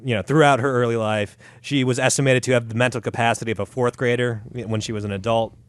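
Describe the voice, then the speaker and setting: A man's voice: medium pitch, fairly even intonation, fast, no room sound. A man hosting a comedy podcast, telling a story in a casual, profane, joking way. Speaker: podcast host.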